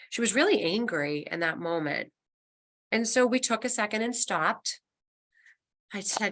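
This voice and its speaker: Woman senior move manager talking on a webinar, bright voice, gentle encouraging coaching. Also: mid-range voice, lively intonation, unhurried, pauses often. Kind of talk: webinar presentation.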